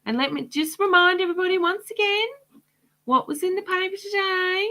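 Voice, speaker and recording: A woman hosting a livestream, speaking casually and passionately in a rambling way, her voice going hoarse. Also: very high voice, brisk, sharp tone. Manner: impassioned, rambling. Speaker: host of a livestream.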